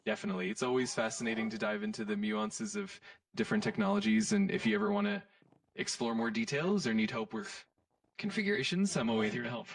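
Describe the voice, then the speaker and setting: A man's voice: mid-range voice, sing-song, fast, creaky, far from the mic. Upbeat eager-to-help synthetic male voice. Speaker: AI chat assistant. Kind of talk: conversational chat answers.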